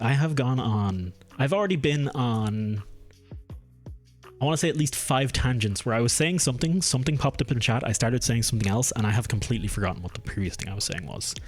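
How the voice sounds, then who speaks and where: A young man streaming from home, chatting casually with his viewers, rambling and restarting his sentences as he goes off on tangents. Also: mid-range voice. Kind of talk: casual live-stream chat. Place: home room.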